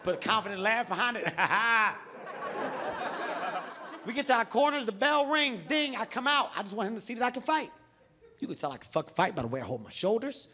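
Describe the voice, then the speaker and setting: A man telling animated stand-up stories on stage, acting out voices and shouting. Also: high voice, fast talker, a little hiss or hum. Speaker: stand-up comedian. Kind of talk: stand-up comedy storytelling. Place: large theater stage with audience.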